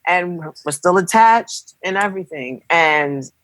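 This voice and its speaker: A young woman telling her birth story as a podcast guest, animated and acting out what people said. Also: fairly low pitch, a little slow, no room sound, rough recording. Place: podcast studio.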